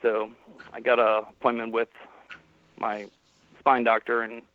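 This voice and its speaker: A man's voice: medium pitch, completely flat delivery, measured pace. A man calling in and plainly telling a personal story, quoting the people he met along the way. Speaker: caller. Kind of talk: personal story on a call-in stream. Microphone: phone. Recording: tinny phone line.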